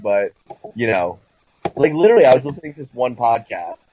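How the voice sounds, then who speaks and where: A man co-hosting a casual wrestling podcast, rambling and excitable, sometimes mocking others in a squeaky voice. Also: brisk, no echo. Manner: rambling, excitable, mocking high-pitched impressions. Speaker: podcast co-host. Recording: dull lo-fi dry sound.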